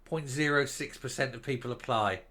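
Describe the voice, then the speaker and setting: A man's voice: medium pitch, moderate pace, pushed and bright. An older man giving an indignant, sarcastic political rant, blunt and crude. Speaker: political commentator. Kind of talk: ranting online commentary.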